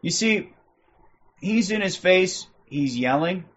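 A man's voice: sits high, expressive, takes it slowly, fairly bright tone, dull audio, slight background noise. Profane, combative man in his forties. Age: 40s. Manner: profane, aggressive, repeats "okay?" constantly. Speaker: livestream host. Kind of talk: ranting livestream commentary.

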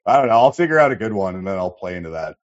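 Deep-voiced man, rambling and profane. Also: very animated, rapid-fire, lo-fi sound. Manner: rambling, profane, many fillers. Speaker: livestream host reading chat. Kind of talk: casual livestream chat.

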